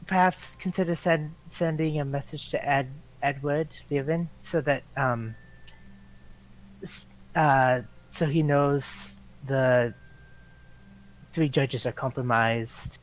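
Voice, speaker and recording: Player at a game table, slow and halting, mid-range voice. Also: mid-range voice, poor audio. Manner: hesitant, pausing with ums. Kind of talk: casual tabletop game chat.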